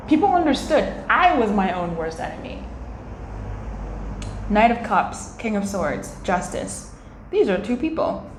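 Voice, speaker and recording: A woman's voice: mid-range voice, slow pace, pauses often. Chatty woman tarot reader in echoey room. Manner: chatty, animated, slangy, acts out little quoted voices. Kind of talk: casual tarot reading monologue. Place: indoor room by a window. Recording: echoey room with faint ambient noise.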